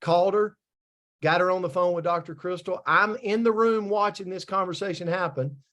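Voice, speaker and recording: A man telling a success story to his team, animated and building to a point. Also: high voice, moderate pace. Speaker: business team leader. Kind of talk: motivational storytelling.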